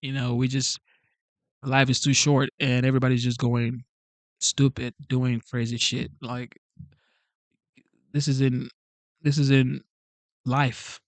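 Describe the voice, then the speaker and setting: In a dry recording, the livestream host reads his live chat slowly, pausing often, with little pitch movement in his mid-range voice. An immigrant and non-native English speaker, he's earnest and pleading and tends to repeat himself.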